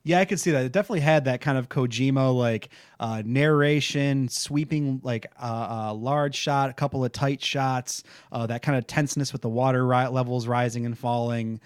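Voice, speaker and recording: A man's voice: medium pitch, fairly even intonation, moderate pace, hardly any pauses, clean tone, no echo, studio quality. A man co-hosting a podcast in casual chat, laid-back and joking, laughing often and swearing freely. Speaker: podcast co-host.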